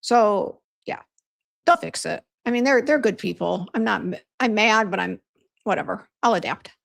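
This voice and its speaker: Woman, livestream host, casual chat, vocal fry, mid pitch. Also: lively intonation, normal speed. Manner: chatty, venting, reads viewer comments aloud. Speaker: beauty brand host on livestream.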